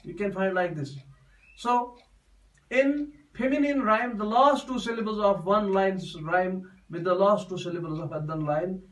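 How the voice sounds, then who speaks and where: A man explains a poem as a classroom lesson, going over each point again and again with restarts. His voice sits high, and he sounds set back from the microphone. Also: normal speed, fairly bright tone, distant mic, rough recording. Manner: repetitive, explains step by step with many restarts. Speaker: teacher.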